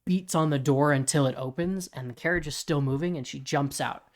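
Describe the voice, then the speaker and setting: Podcast co-host, casual brainstorming, rambling, frequent restarts, mid-pitched voice. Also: brisk. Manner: rambling, lots of restarts while pitching story ideas.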